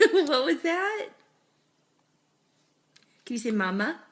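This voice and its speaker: A woman's voice: sits high, very animated, slow. A young mother at home talking to her toddler in a sing-song, coaxing voice and laughing often, recorded on a home video camera. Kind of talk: playful talk to a toddler. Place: family home.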